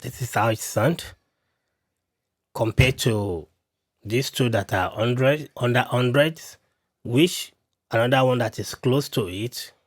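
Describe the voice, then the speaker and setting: Man, mid-pitched, chatty gear demo to camera, dry close mic. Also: slow, pauses often, no echo. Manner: repetitive, talks to viewers directly. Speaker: tech reviewer.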